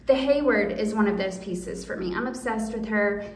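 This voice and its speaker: A woman's voice: mid-range voice, normal speed, distant mic. A woman, hosting a casual clothing try-on and gushing to viewers in a chatty way. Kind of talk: casual product try-on video. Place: room indoors. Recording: echoey room, voice from off the mic.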